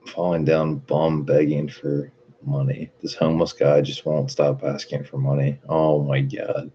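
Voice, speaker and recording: A man's voice: a bass voice, level tone, a little slow, dark tone, husky, lo-fi sound. A man in his thirties streaming, chatting casually in a profane, laid-back way and laughing often. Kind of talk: casual chat.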